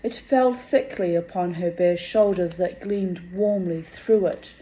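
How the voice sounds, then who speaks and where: A woman reading a fantasy story aloud in a measured, expressive way. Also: on the low side, low-quality recording. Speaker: reader.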